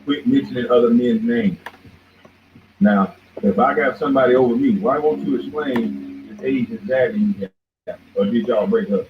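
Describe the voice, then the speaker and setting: On a tinny, phone-like line with faint noise, a medium-pitched male show host rants at a moderate pace. The commentary monologue is heated and confrontational, with "boy" repeated often.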